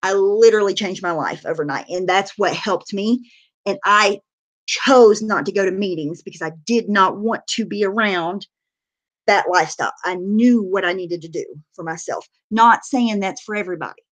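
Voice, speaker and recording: A woman's voice: mid-range voice, normal speed. Blunt, candid woman livestreaming. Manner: candid and blunt, swears freely, lots of fillers. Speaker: livestreamer sharing her recovery story. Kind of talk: casual livestream talk answering chat.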